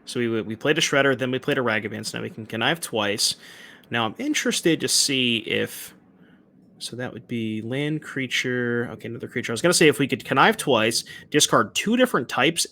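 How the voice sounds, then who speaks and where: A man's voice: mid-range voice, animated, bright, forceful tone. A man giving analytical commentary on a card game tournament, weighing options. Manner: quick, analytical.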